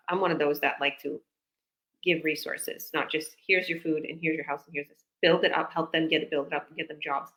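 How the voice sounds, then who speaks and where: A woman business coach talks in a chatty, rambling way on a live video call, acting out little conversations as she goes. Her voice sits a bit low for a woman. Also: fairly even intonation, fairly quick, a bit bright. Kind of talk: casual live-stream chat.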